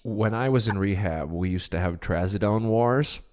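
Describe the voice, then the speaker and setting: A man's voice: lowish voice, normal speed, a little mellow. A man in a casual podcast chat, telling a story in a laid-back, wry way.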